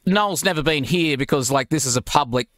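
A man's voice: a little high, a little fast, a bit bright, dry recording. A man hosting a casual livestream chat, rambling and crude, often mocking people with put-on voices. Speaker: podcast host.

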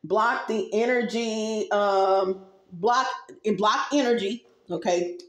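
Slow, chatty woman in an echoey room. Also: mid-range voice. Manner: chatty and rambling, addresses viewers as y'all. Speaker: vlogger. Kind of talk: casual spiritual advice vlog.

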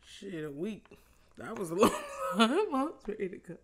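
A woman vlogger telling a casual story while eating, loose and profane, with animated reenacted exchanges. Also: mid-range voice, normal speed, noisy background.

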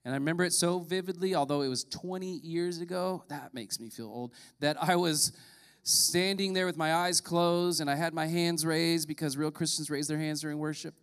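A man's voice: fairly high pitch, normal speed, fairly bright tone, smooth. A pastor in his late thirties or forties preaching a sermon, telling a personal story earnestly with emphatic rises.

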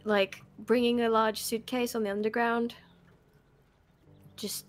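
A woman talking casually with friends during a game session. She is chatty and explains things in long, meandering stretches. The talk is relaxed and everyday. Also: on the high side, measured pace. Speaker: gaming stream co-player. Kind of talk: casual chat while gaming.

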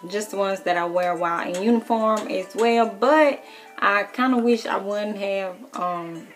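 Friendly Southern woman vlogger, mid-pitched, casual and encouraging with lots of ums. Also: unhurried, soft background music. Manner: chatty and encouraging, frequent ums, repeats words for emphasis. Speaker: military service member vlogger. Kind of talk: casual how-to vlog chat.

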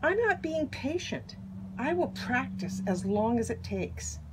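A woman's voice: high-pitched, big pitch swings, measured pace, noisy background. A woman voicing an earnest young girl in a storybook, speaking sincerely and thoughtfully.

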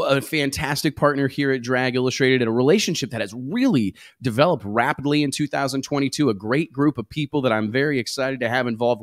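A man hosting a casual talk show, energetic and rambling as he plugs partners and events. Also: mid-range voice, dry recording, studio quality. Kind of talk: casual podcast chat.

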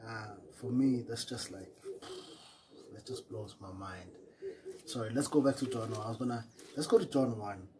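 A man's voice: on the low side, moderate pace, noisy background. A man giving a short devotional sermon, earnest and repetitive, reading scripture and stopping to correct himself. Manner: earnest and repetitive, often trailing off quietly at phrase ends; reads scripture aloud, correcting himself with small apologies. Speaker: preacher.

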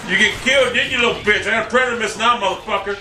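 A man commentating on his own game play, cursing and taunting, dropping to mutters, then shouting in bursts. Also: rapid-fire, noisy background. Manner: swings from low muttering to loud shouted outbursts; profane, taunting. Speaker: gameplay commentator. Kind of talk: angry live game commentary. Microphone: room mic with webcam on him. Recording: echoey room, mic far off.

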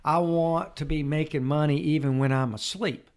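A man's voice: a little high, fairly even intonation, moderate pace. A man, a wealth advisor, chatting as a podcast guest and telling stories from his own past. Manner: storytelling, acts out quotes. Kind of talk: casual podcast interview.

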